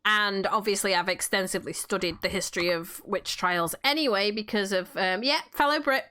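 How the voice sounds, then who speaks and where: A woman with a Northern English accent from the Manchester area talks casually as she plays, her tone bright and forward. She is chatty, swears freely, and often stumbles back over her words mid-sentence. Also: medium pitch, moderate pace. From England, near Manchester. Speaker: game streamer and role-player. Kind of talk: casual chat while playing a game.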